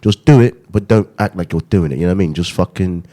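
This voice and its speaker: A low-voiced young man rattles along quickly in casual podcast chat. His talk is slangy and loose, full of "you know what I mean" as he tells the story. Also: warm tone. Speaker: podcast host.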